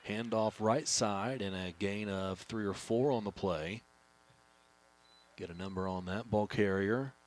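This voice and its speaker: A man with a low voice calls play-by-play at a high school football game. He keeps a steady, even delivery and picks up speed when a big play breaks. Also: a little slow. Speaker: play-by-play announcer. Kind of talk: play-by-play commentary.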